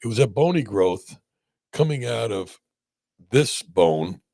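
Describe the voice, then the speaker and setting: Gravelly low-voiced male surgeon host. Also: takes it slowly. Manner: animated storyteller, many restarts and "right?" checks. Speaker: spine surgeon and podcast host. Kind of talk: casual podcast conversation.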